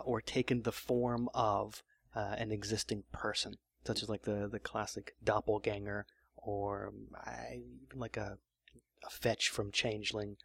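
A man's voice: lowish voice, vocal fry, fairly bright tone, no room sound. A man co-hosting a casual podcast chat who teases the others with dry jokes. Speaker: podcast co-host.

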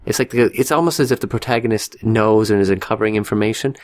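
Man, low voice, podcast co-host, casual rambling chat, dry humor. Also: fast. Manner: rambling, restarts sentences, dry joking. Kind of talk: casual chat about movies.

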